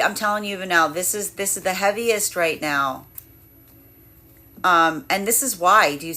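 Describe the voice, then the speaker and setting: A woman's voice: on the low side, sharp tone, a little hiss or hum. Rambling woman giving a tarot reading. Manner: rambling, filler-heavy, laughs often. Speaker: tarot reader.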